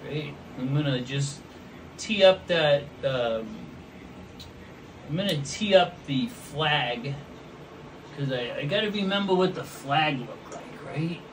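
Brief: high-voiced man, slow and goofy, chatting as he paints, standing back from the mic. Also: animated, fairly bright tone, far from the mic, slight background noise, poor audio. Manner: goofy, rambling, talks to viewers. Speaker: host painting pots. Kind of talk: casual chat while painting. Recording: voice from away from the mic.

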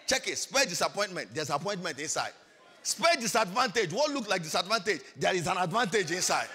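Preacher man swinging from hush to shout. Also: high voice, sing-song, moderate pace, husky. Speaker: pastor. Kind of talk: sermon. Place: large church hall. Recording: church hall reverb.

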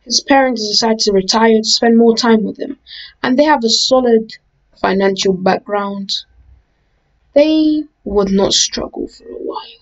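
A woman's voice: fairly high pitch, measured pace, highs cut off. A woman casually telling a made-up story in a loose, rambling way, chaining events with "and" and correcting herself along the way. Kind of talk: casual fan-fiction narration.

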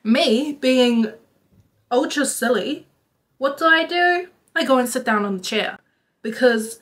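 Chatty young woman, fairly high voice. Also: slow pace. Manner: chatty, animated, lots of "like". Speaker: vlogger. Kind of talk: casual storytime.

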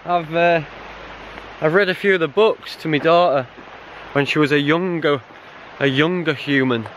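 This middle-aged man has a fairly high, fairly bright voice at a moderate pace, with a little hiss or hum audible. He vlogs his solo hike casually to camera, chatty and full of jokes and laughs, outdoors on a hiking trail and later in a bothy.

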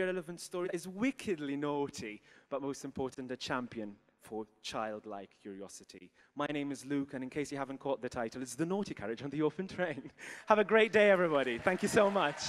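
A man, a composer presenting his musical in an earnest, enthusiastic showcase pitch. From Malta.

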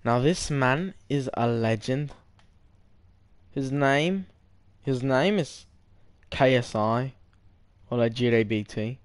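Slow, dry-voiced man trolling in game chat. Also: medium pitch, expressive, clean tone, no room sound. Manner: playful trolling, mock-serious storytelling, drawn-out name calls. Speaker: gamer. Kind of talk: joking voice chat while playing a game.

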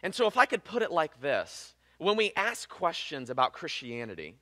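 A young man preaching a sermon as pastor, with expressive delivery that swings between loud emphasis and hushed low passages. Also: moderate pace, few pauses.

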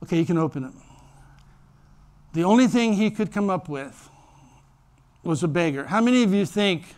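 A man's voice: sits high, moderate pace. A man preaching a sermon in church as pastor, telling stories animatedly and acting out voices. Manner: animated storytelling, acts out voices.

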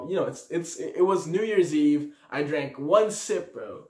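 A man's voice: on the high side, moderate pace, echoey room. A young man casually telling a party story, full of slang and acted-out quotes. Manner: slangy, animated, acts out quotes. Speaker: storyteller vlogger.

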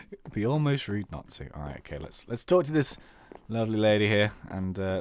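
Chatty, rambling male gamer with a slightly sore throat, lively up-and-down delivery. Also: on the low side, normal speed, slight background noise. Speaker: game commentator. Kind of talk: casual let's play commentary.

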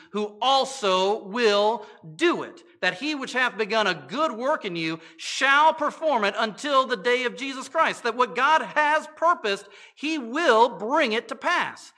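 Male pastor, high and very bright voice, chatty sermon delivery with rhetorical questions. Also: animated, measured pace, hardly any pauses. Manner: conversational preaching with rhetorical questions and playful asides. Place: church.

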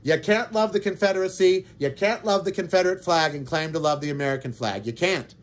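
Ranting man with a higher voice. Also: brisk. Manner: ranting, sarcastic, indignant. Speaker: podcast host. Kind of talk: political monologue.

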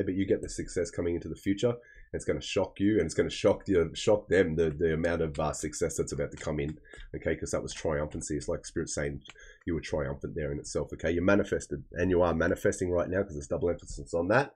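A man's voice: sits low, darkish tone, slightly rough, poor audio. A man giving a casual, rambling tarot reading, often repeating himself and checking in with "okay?". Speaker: tarot reader.

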